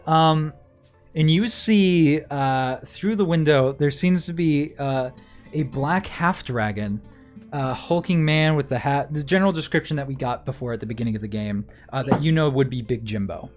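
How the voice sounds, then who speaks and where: A man's voice: fairly high pitch, moderate pace, faint music behind. A man narrating a tabletop game as game master, casual and hesitant with many fillers.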